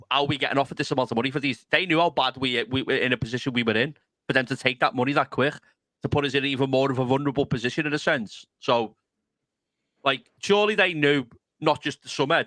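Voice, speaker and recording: A man's voice: medium pitch, a bit bright, no room sound, low-quality recording. A man with a Scouse accent in a laid-back, chatty live-stream conversation. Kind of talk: casual live-stream chat.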